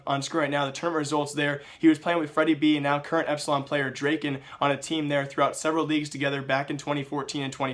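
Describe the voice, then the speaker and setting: Fast, flat-voiced man with a sick voice. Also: fairly high pitch. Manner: rapid, flat delivery. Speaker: esports news host. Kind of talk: fast scripted news roundup.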